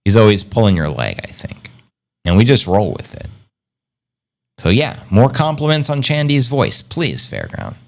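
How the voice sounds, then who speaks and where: A man hosting a casual livestream, rambling upbeat and slangy, reading out viewer comments and giving shout-outs. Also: lowish voice, huge pitch swings, normal speed, gravelly. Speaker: crypto livestream host.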